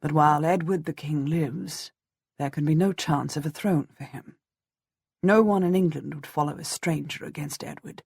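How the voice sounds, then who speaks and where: A woman narrating a historical audiobook in the first person, measured and earnest. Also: sits low, gravelly, darkish tone, husky, dry recording, studio quality.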